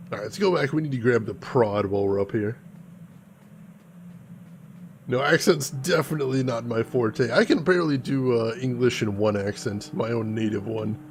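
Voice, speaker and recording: A man giving casual, excitable commentary while playing a video game. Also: mid-range voice, slight background noise. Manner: excitable, jumpy exclamations. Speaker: gaming streamer. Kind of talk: casual let's-play commentary.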